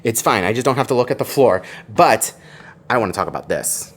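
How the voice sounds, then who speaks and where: A man giving a casual hotel room tour as a theme park vlogger, chatty and easily excited, with his voice jumping up when something surprises him. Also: mid-range voice, moderate pace, slight background noise.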